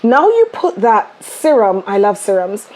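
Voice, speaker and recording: A woman hosting a podcast, enthusiastic and animated as she tells stories and explains. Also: mid-range voice, a little slow. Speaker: podcast host. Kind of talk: casual podcast conversation.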